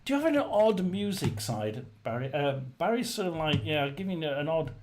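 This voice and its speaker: A man's voice: on the high side, sing-song, normal speed, slight background noise. A man hosting a casual livestream, chatting with viewers and reading their comments, rambling with many fillers and restarts. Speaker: livestream host.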